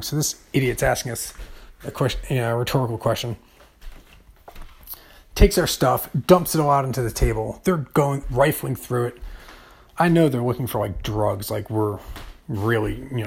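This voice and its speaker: A man's voice: medium pitch, vocal fry, husky. A man hosting a podcast, telling a travel story in a wry, rambling monologue full of fillers. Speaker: podcast host.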